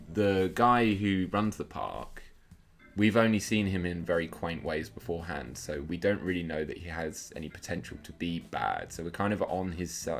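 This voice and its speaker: Deep-voiced man dissecting a film. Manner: analytical, thinks aloud with many "like"s. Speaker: film commentary co-host. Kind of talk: casual film commentary.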